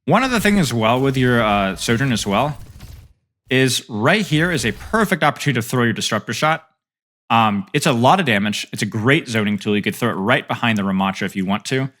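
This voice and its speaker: A man's voice: medium pitch, lively intonation, fairly quick, fairly bright tone. A young man coaching a player through game footage, trading playful banter with his stream chat between tips.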